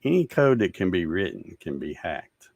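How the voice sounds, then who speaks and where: A low-voiced man from Georgia, USA, hosts a casual livestream, his pitch swinging widely at a normal speed with vocal fry and a slightly mellow quality. Fed up and sarcastic, he rants and laughs as he reads viewer comments.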